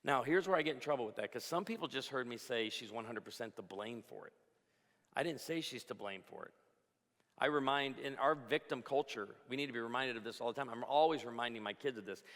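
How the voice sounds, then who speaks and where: A man's voice: mid-range voice, a little fast, fairly bright tone. A middle-aged male pastor giving a humorous, storytelling conference talk to a crowd. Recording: long hall reverb.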